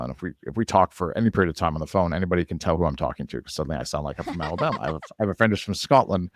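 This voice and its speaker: Man, podcast host, from Minnesota, low voice, rambling casual chat. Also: no echo, studio quality. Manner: rambling, restarts sentences.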